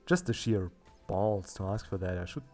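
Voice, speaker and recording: A man's voice: low voice, animated, moderate pace, mellow, soft background music. A man hosting a let's play, chatting casually and thinking aloud as he plays, with a self-mocking manner. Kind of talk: casual gameplay commentary.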